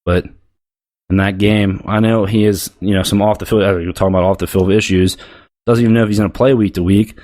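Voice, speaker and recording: A man's voice: lowish voice, steady tone, fairly quick, darkish tone. A man hosting a sports show, delivering a blunt, profane, heated rant about football. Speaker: sports podcast host.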